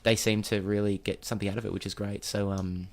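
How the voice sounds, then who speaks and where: Director losing his voice, hesitant and halting, on a studio mic, radio guest. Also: lowish voice, little pitch movement, a little mellow. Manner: hesitant, lots of ums and restarts. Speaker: film director. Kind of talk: casual radio interview guest. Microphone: studio microphone.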